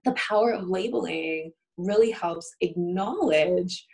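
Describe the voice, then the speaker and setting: Reflective low-voiced woman therapist. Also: a little slow, a little mellow, low-quality recording. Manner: reflective, thinks aloud with frequent "right?" and "um". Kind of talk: conversation about coping between colleagues.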